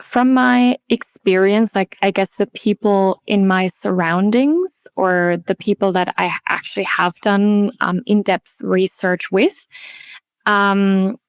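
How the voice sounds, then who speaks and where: Austrian woman guest, German native, reflective casual talk, smooth voice, dry sound. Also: medium pitch, slow pace, no echo. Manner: reflective, talks in long hedged sentences with many "um" and "like". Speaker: podcast guest, linguist. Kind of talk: casual interview chat.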